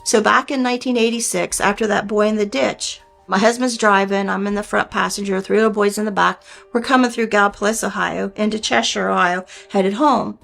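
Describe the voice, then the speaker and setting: A woman's voice: mid-range voice, steady tone, a little fast, vocal fry, fairly bright tone, soft background music. An older woman earnestly recounting a personal experience in plainspoken, folksy speech. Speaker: storyteller recounting a near-death experience. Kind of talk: personal storytelling.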